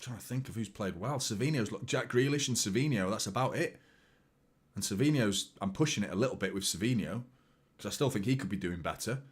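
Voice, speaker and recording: A man's voice: on the low side, brisk, slightly rough. Man doing a casual live match watchalong. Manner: casual, swings from excited outbursts to muttered asides. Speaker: football watchalong host. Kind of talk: live match commentary and chat.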